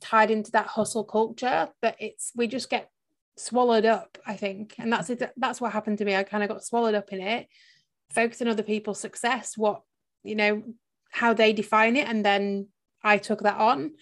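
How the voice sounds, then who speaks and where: A woman hosting a podcast, speaking in a reflective, soft way in casual chat, often trailing off quietly. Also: medium pitch, fairly even intonation, moderate pace. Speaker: podcast host and burnout coach.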